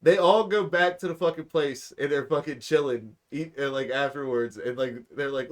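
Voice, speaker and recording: A young man co-hosting a podcast, telling stories in casual, profane, animated chat. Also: fairly high pitch, moderate pace, hardly any pauses. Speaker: podcast co-host.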